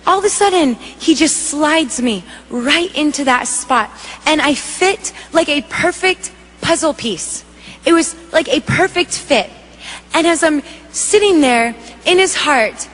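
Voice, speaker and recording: A woman giving an emotional spoken testimony, telling her story in a vivid, animated way. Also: high-pitched, a little slow, faint music behind. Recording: echoey hall reverb.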